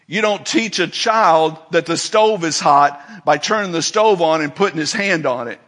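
A man preaching a sermon to a congregation, moving from quiet, intimate asides to loud, emphatic declarations. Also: a little high, expressive, moderate pace. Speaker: pastor.

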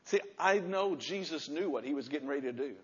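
A man in his sixties preaching a sermon, repeating key words with emphasis and dropping to a soft, low voice to stress a point. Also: lively intonation, fairly quick, slightly rough. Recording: muffled sound with long hall reverb.

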